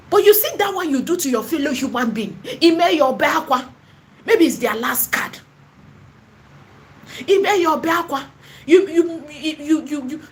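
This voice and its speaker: A woman with a Nigerian accent gives an impassioned preaching monologue in her vlog. She is emphatic and repetitive and slips into Pidgin and Igbo phrases. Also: high-pitched. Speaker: online seller and spiritual vlogger.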